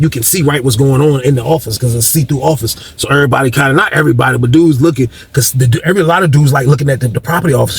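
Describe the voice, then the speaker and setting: A man's voice: medium pitch, creaky, slightly rough. A man casually telling a long story in a rambling, slangy way, addressing his listeners directly.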